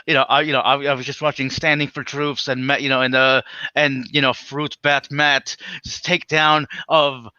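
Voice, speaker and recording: A man's voice: medium pitch, flat delivery, bright, forceful tone, smooth, no room sound, lo-fi sound. A man with a nasal voice, a livestream guest chatting casually over a video call, full of fillers and restarts. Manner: halting, many restarts and fillers. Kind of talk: casual chat.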